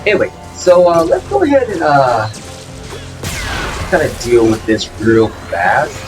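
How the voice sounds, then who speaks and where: Let's play host, male, rambling and animated, game music playing under him. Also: medium pitch, measured pace, poor audio. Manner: rambling, lots of fillers and restarts. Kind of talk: casual gameplay commentary.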